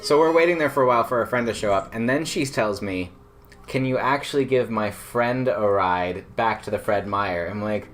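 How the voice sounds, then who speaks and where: A young man with a lowish voice tells a personal story at a normal speed. He rambles casually, packs in lots of fillers and laughs his way through the tale.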